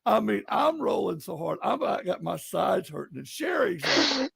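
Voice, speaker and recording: Man, paranormal storyteller, gravelly, husky, dry close sound. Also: sits high, normal speed, few pauses, no echo. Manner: animated, laughing storyteller. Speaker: paranormal investigator. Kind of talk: casual storytelling on a live stream.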